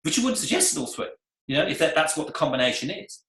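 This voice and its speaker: A man coaching salon staff in a lively seminar, often acting out the voices of clients and staff. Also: fairly high pitch, fast talker. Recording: echoey room.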